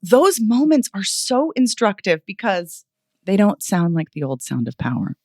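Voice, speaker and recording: Animated woman vocal coach, lively pitch. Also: a little slow, dry recording, studio quality. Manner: expressive, animated, playful ironic asides. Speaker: vocal coach and author, guest. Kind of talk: podcast interview.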